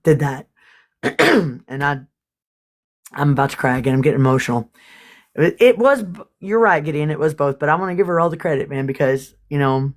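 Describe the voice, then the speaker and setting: A livestream host chatting casually with viewers, swearing freely and getting emotional. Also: mid-range voice.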